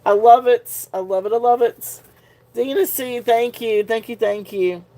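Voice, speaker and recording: A woman's voice: fairly high pitch, steady tone, measured pace, warm tone. A woman hosting a live jewelry sale in casual chat, tired and punch drunk, giggling often as she talks. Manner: giggly, laughs often while talking.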